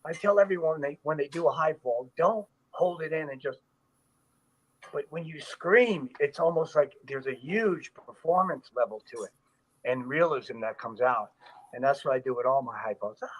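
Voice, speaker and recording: A stuntman telling a story in an interview, animated and loose, acting out quoted voices with frequent fillers. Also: a little high, moderate pace, rough recording. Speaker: stuntman, guest.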